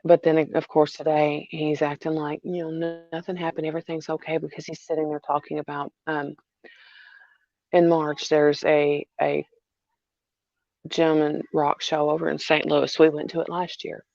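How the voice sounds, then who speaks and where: A mother talking through a hard personal story in a halting way, repeating herself with many fillers. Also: sits low, level tone, creaky, a little mellow, no room sound, muffled recording. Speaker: mother vlogger. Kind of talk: emotional personal vlog.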